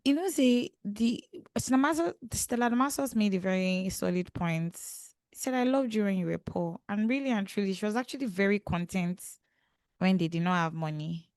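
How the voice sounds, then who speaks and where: A woman with a Nigerian accent co-hosting a podcast, lively and opinionated in casual banter. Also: medium pitch, moderate pace, dry recording. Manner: lively, opinionated, laughs often. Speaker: podcast co-host.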